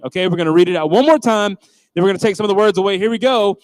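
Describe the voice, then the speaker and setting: A man's voice: high voice, rapid-fire, no echo, poor audio. A man hosting an online youth church service, playful and upbeat, leading a group Bible reading. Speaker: youth pastor host. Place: church stage.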